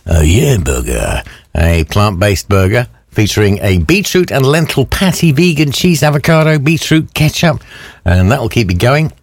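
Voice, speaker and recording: A man's voice: mid-range voice, big pitch swings, moderate pace, no echo, clean studio sound. A man presenting on the radio, chatting in a playful, punning way. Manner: jokey, punning, playful asides.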